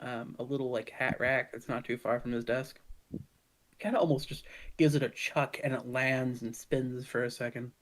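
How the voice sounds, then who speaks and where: A man narrating a tabletop game as game master in a casual, hesitant way, with lots of filler words. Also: medium pitch.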